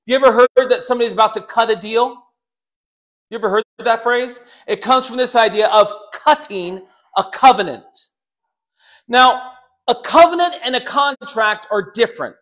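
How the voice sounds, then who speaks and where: This pastor's voice is extremely high, though his pace is normal. His sermon is animated: he talks straight to people in the congregation and performs quoted lines in put-on voices.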